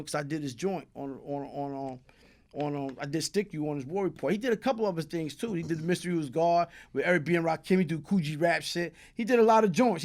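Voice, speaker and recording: Streetwise Brooklyn man with a high voice. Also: darkish tone. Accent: New York. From Brooklyn, New York. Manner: streetwise, profane, tag questions like "you heard?". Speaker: interview guest. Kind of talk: casual storytelling.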